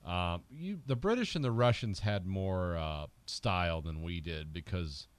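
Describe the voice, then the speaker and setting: A man's voice: sits low, expressive, a little slow, clear, resonant tone. A man co-hosting a podcast, chatting casually about a film in a rambling, joking way with lots of fillers. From United States. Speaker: podcast co-host.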